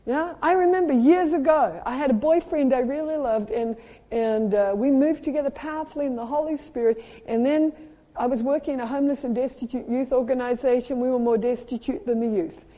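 A middle-aged woman with a South African accent, preaching a sermon as a traveling minister, moving between lively personal stories and emphatic urging. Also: sits high, fairly quick. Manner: animated storytelling with playful sound effects and emphatic exhortation. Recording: long hall reverb.

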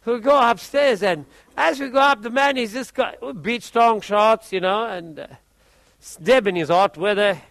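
A man preaching, telling a testimony story in an animated way and often repeating his words. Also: sits high, normal speed, gravelly, no echo.

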